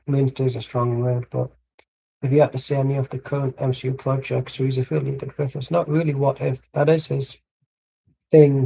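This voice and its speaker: A man's voice: mid-range voice, vocal fry, warm tone, dull audio, a little hiss or hum. An English man streaming a football watchalong, chatting in a rambling, tangential way and swearing casually. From England.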